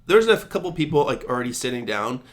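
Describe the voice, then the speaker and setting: A young man co-hosting a podcast, telling a story in a casual, animated way and laughing often. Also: mid-range voice, quick pace. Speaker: podcast co-host. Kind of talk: casual chat.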